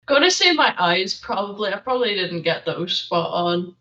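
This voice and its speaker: A woman's voice: medium pitch, expressive, normal speed, bright, forceful tone, slight background noise. A woman playing a tabletop role-playing game who swears a lot and talks playfully in character. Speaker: player. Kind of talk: casual tabletop role-play. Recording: echoey, dull lo-fi room audio.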